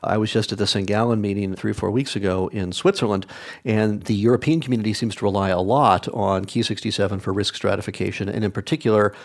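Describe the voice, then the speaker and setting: Measured oncologist, low voice. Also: male voice. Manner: measured, technical, explains carefully. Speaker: oncologist guest. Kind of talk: expert interview answers.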